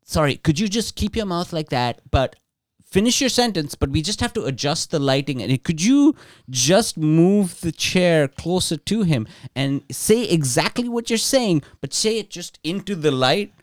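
A woman's voice: fairly low pitch, expressive, moderate pace, dry recording, studio quality, voice pushed up, lightly acted. A man voicing a finicky woman directing a film shoot, interrupting with overly polite requests. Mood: fussy.

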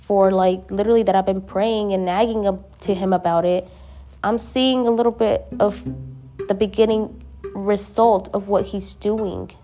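A woman's voice: medium pitch, steady tone, moderate pace, dark tone, soft background music. A young woman talking casually and candidly about faith and patience, peppering her speech with slang like "dude" and "bruh". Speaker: vlogger sharing faith reflections. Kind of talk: casual spoken reflection.

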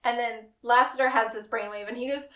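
A woman co-hosting a podcast, casually recapping a TV episode and acting out quick quotes. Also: fairly high pitch, fairly even intonation, a bit bright. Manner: retells scenes with quick acted quotes and laughs. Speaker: podcast co-host.

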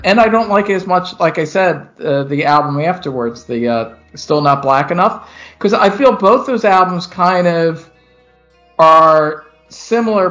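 A man hosting a podcast, giving his opinion thoughtfully and haltingly, with frequent restarts. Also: high voice, a bit bright. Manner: thoughtful, hesitant, with many restarts. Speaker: podcast host leading the discussion. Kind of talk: casual podcast chat.

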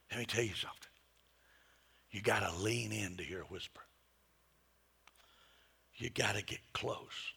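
A middle-aged male pastor preaching a sermon, moving between hushed whispers and loud, emphatic peaks. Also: on the low side, measured pace, vocal fry, pauses often, husky.

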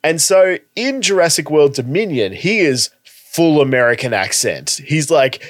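A man's voice: a little high, lively intonation, measured pace, no echo, clean studio sound. A man co-hosting a podcast in casual chat, telling playful, jokey stories. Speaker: podcast co-host.

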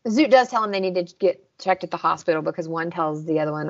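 A woman's voice: sits low, fast, vocal fry, hardly any pauses. A young woman from the American South with a Southern accent, co-hosting a podcast in casual chat and recapping scenes with lots of "like". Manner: chatty, recaps scenes with quoted lines and frequent "like". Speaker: podcast co-host. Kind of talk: casual chat reviewing episodes. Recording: slightly dull lo-fi podcast audio.

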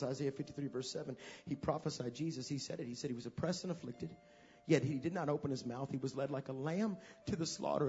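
A man preaching a sermon in a high, gravelly voice, dropping to a hush and then building to loud fervour. His voice is husky, and the recording is muffled with faint music underneath. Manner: swings from hushed to loud and fervent.

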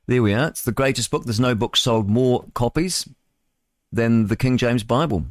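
A man's voice: mid-range voice, normal speed, a little mellow, no room sound, clean studio sound. A man hosting live talk radio, reading the news and rambling about it with chuckles, mock voices and stumbles over the words. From New Zealand. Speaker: radio host.

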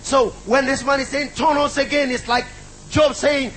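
A man's voice: very high-pitched, level tone, moderate pace, fairly bright tone, a little hiss or hum, poor audio. A middle-aged man preaching a sermon, emphatic and repetitive, calling out to the congregation.

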